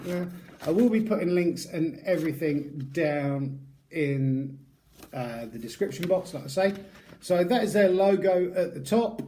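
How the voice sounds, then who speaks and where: A man's voice: on the high side, lively intonation, a little slow, mellow, a little hiss or hum. A man giving a rambling, jokey unboxing review of a tattoo aftercare product, talking straight to his viewers. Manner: rambling, chatty, jokey asides.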